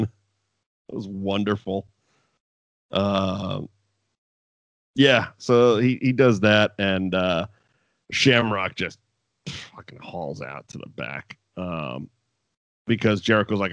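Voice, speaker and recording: A man's voice: on the low side, slow, vocal fry, pauses often, dry recording. A man casually recapping an old wrestling show with a co-host, swearing freely and laughing often. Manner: profane, animated, laughs often. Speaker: podcast co-host.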